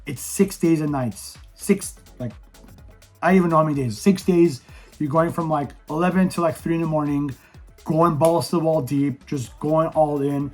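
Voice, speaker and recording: A young man whose voice is worn hoarse from days of yelling, pitched a touch high. He talks in a blunt, profane, fired-up way, like a candid vlog straight to camera. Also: normal speed, soft background music. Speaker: vlogger reviewing an event. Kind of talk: casual candid monologue.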